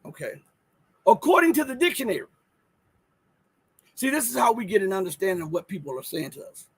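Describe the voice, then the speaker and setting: A man's voice: high voice, sing-song, a little fast, slightly rough, no echo, poor audio. A man hosting a live news commentary show, emphatic and full of rhetorical questions, thinking aloud as he pulls up and reads articles. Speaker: host.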